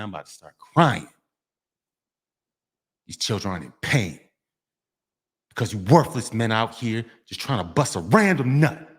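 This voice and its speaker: A man's voice: on the low side, big pitch swings, normal speed, long pauses, slightly rough. Preachy man lecturing on the street. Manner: preachy, repetitive, sing-song "baby" refrains. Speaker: vlogger. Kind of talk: street monologue vlog.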